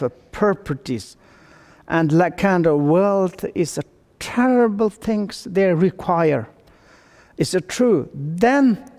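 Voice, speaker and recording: Tibetan-accented male Buddhist teacher, unhurried and fairly high-voiced, heard with a long reverb. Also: darkish tone. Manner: broken English, storytelling with acted dialogue. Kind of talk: dharma teaching. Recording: long reverb in a large room.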